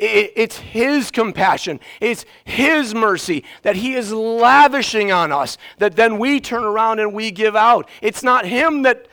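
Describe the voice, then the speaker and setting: A high-pitched man with a gravelly edge preaching a lively sermon in a church. He swings from quiet, almost muttered asides to loud, shouted bursts and runs short of breath. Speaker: pastor. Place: church sanctuary.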